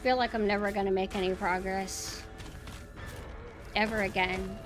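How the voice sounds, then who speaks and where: A woman's voice: mid-range voice, fairly even intonation, normal speed. A young woman streaming a horror game, cursing and yelping with frustration as she plays. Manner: swearing, frustrated outbursts and yelps. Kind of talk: gaming stream commentary. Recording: game music playing underneath. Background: game music.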